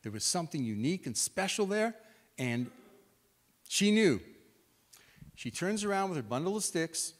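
A man preaching a sermon, retelling scripture in an animated storytelling way as if acting it out. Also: fairly high pitch, normal speed, long pauses. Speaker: pastor. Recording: reverberant hall.

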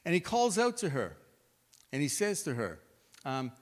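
A man preaching a sermon, retelling scripture in an animated storytelling way as if acting it out. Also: fairly high pitch, moderate pace, pauses often. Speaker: pastor. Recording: reverberant hall.

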